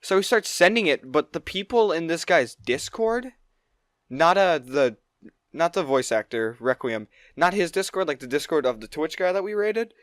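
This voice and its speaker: Excitable, rambling podcast co-host, man. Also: on the high side, moderate pace, no echo. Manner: rambling, excitable, swears a lot. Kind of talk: casual chat, storytelling.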